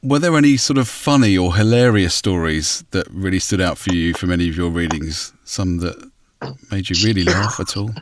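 A man hosts the interview in a very deep voice. He keeps his replies brief and encouraging. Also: normal speed, slight background noise. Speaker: interview host. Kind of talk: casual interview.

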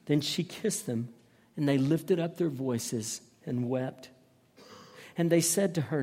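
A man's voice: a little high, unhurried, warm tone, in a large hall. A man preaching a sermon, reading a passage aloud and explaining it earnestly, often repeating words as he restarts.

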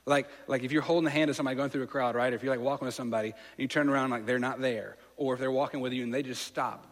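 A man's voice: medium pitch, fairly even intonation, racing. Man preaching a sermon in an echoing hall. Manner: storytelling, conversational, asks listeners to imagine. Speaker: pastor. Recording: long reverb of a large hall.

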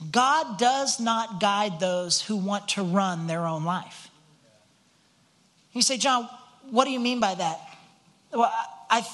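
A man's voice: high voice, sharp tone. A man pastor delivering a conversational sermon in church, earnest, asking the congregation rhetorical questions and often restarting his words. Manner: frequent restarts and repeated words. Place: church on a Sunday morning.

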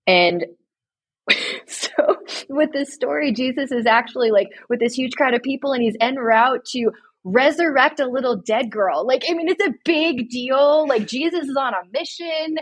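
Husky-voiced woman giving earnest advice. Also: high-pitched, normal speed. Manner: earnest, direct, retells stories with lively asides. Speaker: guest speaking to parents. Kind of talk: earnest faith-based advice talk.

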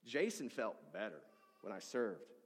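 Animated pastor preaching in a reverberant hall. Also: male voice, fairly low pitch, a little slow, husky. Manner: animated storytelling, acting out voices of people in his story. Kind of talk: sermon.

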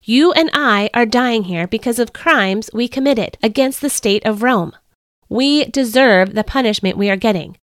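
A woman's voice: a little high, moderate pace, no room sound, studio quality, natural voice. A woman voicing a dying male thief who pleads desperately, in a devotional storybook reading. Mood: reproachful. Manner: pleading, out of breath.

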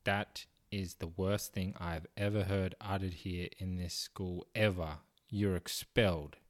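A man's voice: deep voice, fairly even intonation, a little slow. A man voicing a stern male school principal who speaks in an indignant, grave way.

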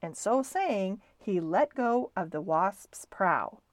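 A woman who reads a children's storybook aloud with an expressive, varied delivery. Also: mid-range voice, slow pace, no echo.

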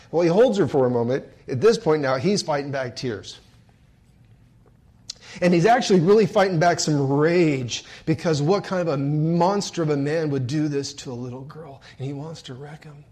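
A man's voice: on the high side, moderate pace. Dramatic male preacher telling a story. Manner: dramatic, swinging between hushed murmurs and forceful swells. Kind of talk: sermon storytelling. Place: large hall with a stage.

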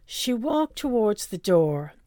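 A woman's voice: mid-range voice, big pitch swings, takes it slowly, dark tone, no room sound. Woman, middle-aged podcast host, chatty storyteller, laughs a lot, dry close sound. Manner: chatty, laughs often, acts out quotes. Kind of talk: casual storytelling.

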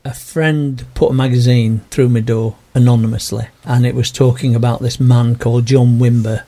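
An older man, telling his personal story in an interview in a gentle, earnest way. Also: medium pitch, little pitch movement, moderate pace. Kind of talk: reflective personal testimony.

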